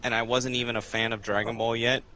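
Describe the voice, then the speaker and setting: A man's voice: mid-range voice, little pitch movement, fast talker, a crowd in the background. A young man co-hosting a podcast in casual chat, telling crude, profane stories. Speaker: podcast co-host.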